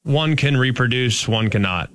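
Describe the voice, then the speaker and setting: A man from Dallas-Fort Worth, co-hosting a sports talk show in an animated, emphatic way. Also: mid-range voice, normal speed, dry recording. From Dallas-Fort Worth, Texas. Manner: animated, emphatic, bursts into coach impressions.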